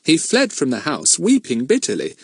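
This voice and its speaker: A man's voice: medium pitch, huge pitch swings, moderate pace, no echo, clean studio sound, voice pushed up. A man reading an audiobook voices a proper, middle-aged mother who speaks in a prim, fretful way. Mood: polite.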